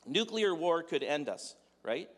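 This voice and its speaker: A man's voice: a little high, very animated, measured pace. A man giving a humorous sermon in a conversational, joking way, full of rhetorical questions. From Dutch heritage. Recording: echoey hall with long reverb.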